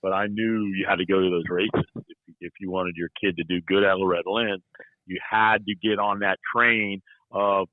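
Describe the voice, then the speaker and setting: A man's voice: low voice, little pitch movement, moderate pace, dry recording, narrow, tinny audio. A middle-aged man telling stories in a rambling, folksy way, full of "you know" and playful ribbing. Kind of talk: casual storytelling chat.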